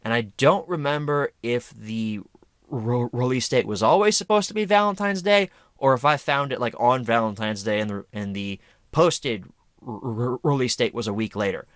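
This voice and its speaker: A man's voice: medium pitch, moderate pace, dry recording. A man hosting a home media review vlog, casual, chatty, opinionated and self-deprecating.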